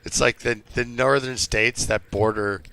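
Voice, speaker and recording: A man's voice: mid-range voice, steady tone, a little slow, creaky, bright, forceful tone, soft background music. A man giving rambling, jokey commentary while live-streaming a game and chatting with viewers. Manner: rambling, jokey, talks to chat.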